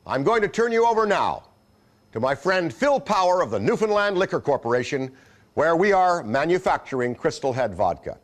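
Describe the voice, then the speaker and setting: A man's voice: fairly high pitch, very animated, moderate pace. A man giving earnest, solemn promotional narration about mystical artifacts. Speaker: commercial spokesman.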